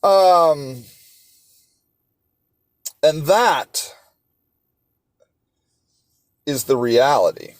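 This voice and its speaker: A man hosting a solo podcast, talking with passion and sarcastic rhetorical questions, halting often with fillers and restarts. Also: on the high side, lively intonation, dry recording. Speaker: podcast host.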